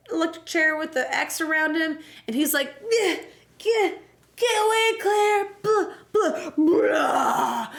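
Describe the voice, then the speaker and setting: A young woman streamer with a voice on the high side recaps a game with animated energy. Her telling is casual, jokey, and profane.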